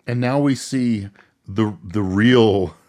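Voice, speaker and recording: A man's voice: on the low side, mellow. Man rambling through a movie recap. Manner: rambling, laughing, acts out characters in quick impressions. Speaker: podcast co-host. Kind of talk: casual movie recap chat.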